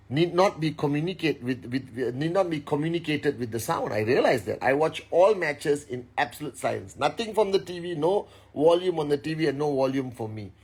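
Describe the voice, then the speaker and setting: A man's voice: on the high side, breathy edge. A man in his thirties hosting a casual livestream, energetically calling out viewers' names and greeting them in many languages.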